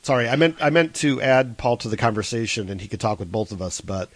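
A man's voice: mid-range voice, expressive, quick pace, dry recording. A man hosting a casual call-in web show over Skype, flustered and apologetic, laughing often.

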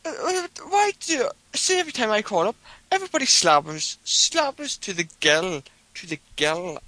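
A man's voice: high voice, big pitch swings, moderate pace, pushed and bright, no room sound, pitched above the performer's own voice, full character voice, rough recording. A man voicing a riled, stammering caller who keeps demanding answers. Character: pushy male caller, riled and high-voiced.

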